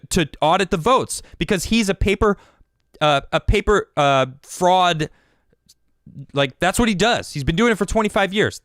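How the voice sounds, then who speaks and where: A man hosts a livestream of political commentary. His somewhat high voice swings widely in pitch and sounds dry and close. He talks in a heated, insistent way and often stammers, restarts and repeats words. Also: a bit bright, dry recording. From United States. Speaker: show host.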